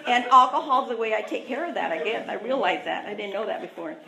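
A woman's voice: medium pitch, quick pace, vocal fry, a crowd in the background. A woman sharing her own recovery story, candid and self-mocking, chatty with lots of asides. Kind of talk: personal recovery testimony. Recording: echoey room.

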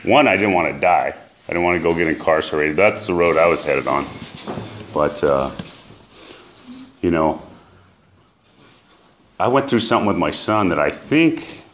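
Deep-voiced man telling a raw personal story. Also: lively intonation, fairly bright tone, a little hiss or hum. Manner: halting, emotional storytelling with many fillers. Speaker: recovery speaker. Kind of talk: personal testimony.

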